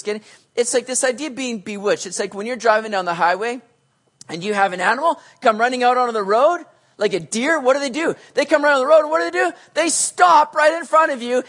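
A pastor preaching a sermon, animated, switching between loud emphasis and hushed asides, and acting out quoted voices. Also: sits high. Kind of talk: sermon teaching on a Bible passage.

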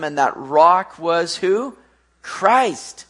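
An animated preacher works through a sermon in a husky voice of middle pitch. Points build up loud and high, then settle into quiet, low closes. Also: slow.

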